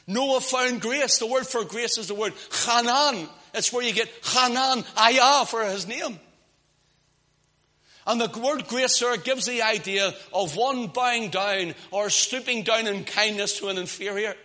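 A man with a high, bright, ringing voice preaches a sermon. He presses hard on key phrases, then drops to hushed asides and slows right down. At times he drifts a little away from the mic. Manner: impassioned, swings from loud emphasis to hushed asides.

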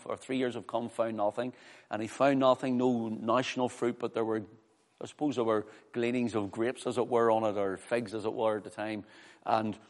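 A male preacher delivers a sermon in an animated way, stumbling and repeating words as he builds up and acting out the voices he quotes. His voice sits in a middle pitch. Long reverb from the hall trails behind every phrase.

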